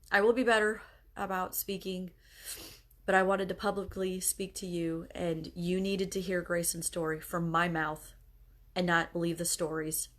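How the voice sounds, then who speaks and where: A middle-aged bereaved mother speaking earnestly and haltingly to her followers, tearful as she talks. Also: fairly low pitch, a bit bright. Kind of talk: emotional direct-to-camera talk.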